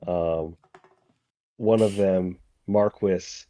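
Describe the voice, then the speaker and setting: A man narrating as game master of a tabletop role-playing game, halting and full of restarts. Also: low-pitched, fairly even intonation, dark tone, dry recording, dull audio. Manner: halting, many fillers and restarts.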